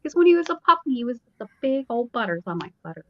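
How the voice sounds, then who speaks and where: A woman's voice: sits high, very animated, quick pace. A middle-aged woman, a guest on a casual chat, rambling through stories with frequent giggles. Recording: dull, slightly muffled audio.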